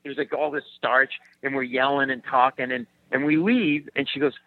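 A man, a comedian guest, telling comic stories in an animated way and acting out the people in them. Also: mid-range voice, normal speed, phone-quality sound. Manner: animated storyteller, acts out quotes, laughs often. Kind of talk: comic storytelling.

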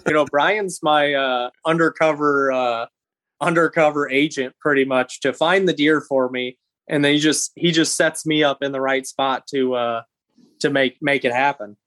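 A man in his thirties, a podcast guest, telling a story in animated, halting bursts with many restarts. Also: on the high side, dry recording.

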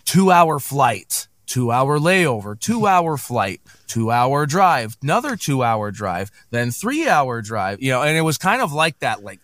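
A man's voice: medium pitch, big pitch swings, a little slow, hardly any pauses, fairly bright tone, dry recording. A man chatting casually on a podcast, telling a long story with many fillers and restarts. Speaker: podcast guest.

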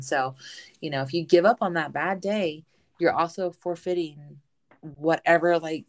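A woman, a military spouse, talking casually on a podcast in an earnest, reflective way, often saying "like". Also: low voice. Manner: earnest, reflective, many filler "like"s.

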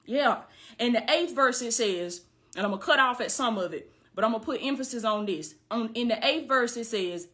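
Female online preacher, high voice, fervent call-and-response delivery. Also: sharp tone. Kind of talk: sermon-style online message.

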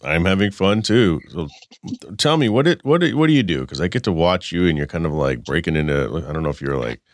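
Male car-podcast host, very low, congested and nasal, rambling reads, dry booth. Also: animated, a little fast, no echo. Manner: rambling, self-correcting, reading stats then riffing. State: stuffed up, congested. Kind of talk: casual car news chat.

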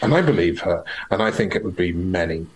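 A man in casual podcast chat, emphatic and quick to argue back. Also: deep voice, lively intonation, slight background noise, poor audio.

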